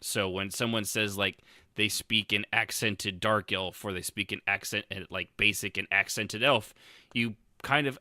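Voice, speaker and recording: Speaking at a measured pace, the co-host keeps a steady tone in a lowish voice that comes across bright and forceful. He rambles casually about roleplay with many restarts, recorded dry in a clean studio.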